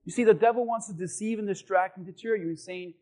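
A man preaching a sermon as pastor, building to shouted emphasis. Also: sits high, quick pace.

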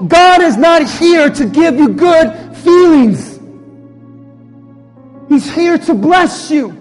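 Male pastor, high-pitched and fervent, leading an altar-call prayer over soft music. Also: lively intonation, takes it slowly. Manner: impassioned, repetitive preaching cadence. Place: church sanctuary. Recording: long hall reverb, faint music.

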